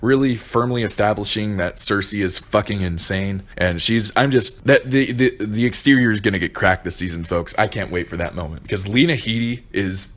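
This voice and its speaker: Deep-voiced profane young man ranting. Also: normal speed, hardly any pauses, fairly bright tone. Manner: profane, sarcastic, bursts of exasperation. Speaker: video reviewer. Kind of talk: ranting review.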